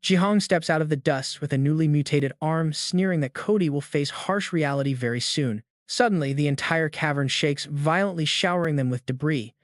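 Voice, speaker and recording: A man with a slightly higher voice tells a story recap in a steady, dramatic way. The recording is close and dry, with no room sound. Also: moderate pace, few pauses, no echo. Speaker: recap narrator. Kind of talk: scripted story recap narration.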